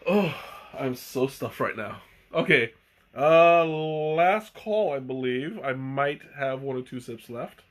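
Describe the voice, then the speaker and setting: A man chats loosely on a live stream about tea, full of fillers and false starts. His voice sits at an ordinary middle pitch, relaxed and unhurried. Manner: rambling, hesitant, many fillers and restarts. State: hiccuping. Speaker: tea livestream host. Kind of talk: casual live-stream chat.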